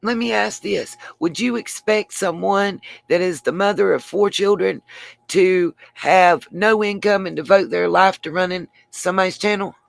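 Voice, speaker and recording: Hosting her own channel's livestream, this woman talks casually in a medium-pitched, gravelly voice at normal speed, with no echo. She wanders off topic, restarts frequently, and calls out viewers by name.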